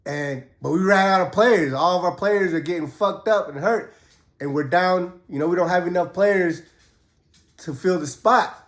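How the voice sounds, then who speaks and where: A man's voice: high-pitched, normal speed. A man telling prison stories in a casual, profane way, and he raises his voice when he quotes people. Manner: laid-back, profane, acts out quotes in a raised voice. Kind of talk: casual storytelling. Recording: roomy echo.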